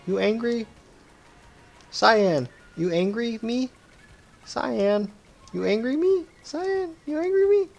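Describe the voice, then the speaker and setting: Casting: an excitable feral boy with broken, childlike grammar, voiced high and bouncy in a game read-aloud, as a man puts him on. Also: slow pace, gravelly, pauses often, soft background music, exaggerated voice. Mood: pleading.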